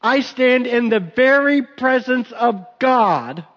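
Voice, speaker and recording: A preacher voicing a boastful male angel, proclaiming loudly in an exaggerated sing-song, recorded dull with long hall reverb. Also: extremely high pitch, expressive, takes it slowly, pitched above the performer's own voice, exaggerated voice. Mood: showing off.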